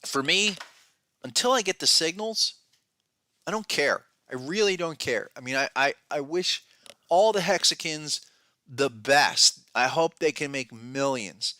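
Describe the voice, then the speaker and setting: A man's voice: a little high, expressive, measured pace, sharp tone, no room sound. A male podcast host giving casual market commentary in an emphatic, restless way, often restarting sentences and tossing in asides. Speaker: podcast host, trading educator.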